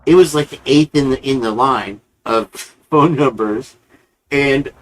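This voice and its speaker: A man's voice: mid-range voice, unhurried, poor audio. A man hosting a live-stream show, telling a long rambling story in a casual, profane, chatty way.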